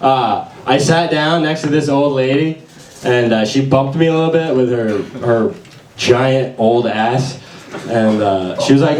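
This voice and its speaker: A young man doing open mic stand-up in a small venue, with a halting, awkward delivery full of fillers. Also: mid-range voice, a little mellow. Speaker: stand-up comedian. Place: small bar venue with audience. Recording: echoey room, voice far from mic.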